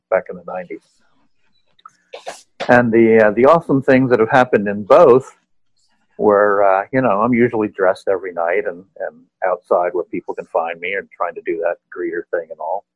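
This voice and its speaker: A man with a low, husky voice chats about running a haunted attraction. He rambles in a relaxed way. The audio is dull and muffled. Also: no room sound. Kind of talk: casual chat.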